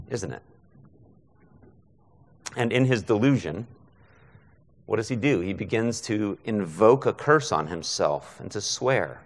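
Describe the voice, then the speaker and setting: Male guest preacher, lowish voice, conversational sermon, long hall reverb. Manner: conversational, frequent rhetorical "right?". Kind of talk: expository sermon.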